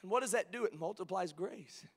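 A man preaching a sermon who moves from quiet reflection to shouted, emphatic passages. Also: high voice, a little fast, in a large hall.

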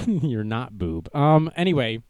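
Animated young man hosting a news stream. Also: mid-range voice, slow pace, no room sound. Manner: animated, joking, self-deprecating. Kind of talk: casual livestream news commentary.

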